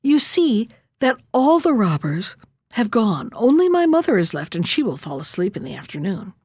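A woman's voice: mid-range voice, big pitch swings, moderate pace, darkish tone, husky, dry recording, studio quality. A woman voicing a fierce, bossy little robber girl in a storybook reading, with a commanding, threatening manner.

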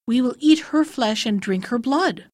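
A woman's voice: fairly high pitch, animated, a little slow, a little mellow, no echo. A woman doing sly bloodthirsty foxes. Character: two greedy, bloodthirsty foxes.

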